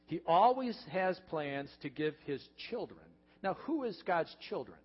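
A pastor preaching a heartfelt sermon, earnest and repetitive, building to emphatic points. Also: male voice, high voice, big pitch swings, unhurried, slightly rough. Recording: dull reverberant church recording.

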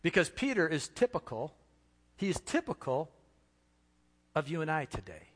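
A man preaching a sermon as pastor, earnest, with slow emphatic pauses and repeated phrases. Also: a little high, very animated, in a large hall.

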